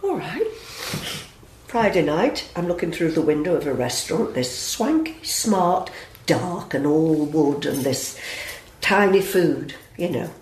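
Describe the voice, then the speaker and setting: A woman's voice: low-pitched, sing-song, measured pace, darkish tone, slight background noise. A woman playing blunt, hurt friend. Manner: blunt, emotional, slangy. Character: blunt, wounded working-class woman friend. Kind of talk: audio drama acting. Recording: roomy echo.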